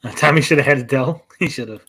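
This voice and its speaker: A fast-talking reaction-stream host with a husky, mid-range voice, pushed and bright with vocal fry, tells a long story casually. He frequently ends sentences with "right?" and performs quoted exchanges in a raised voice.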